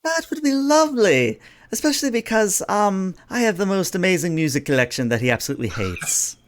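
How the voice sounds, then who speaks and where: Brief: a poised, mocking young alien princess, lilting and raised in pitch, played by a man, for a tabletop game. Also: sing-song, fairly quick, slight background noise. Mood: teasing.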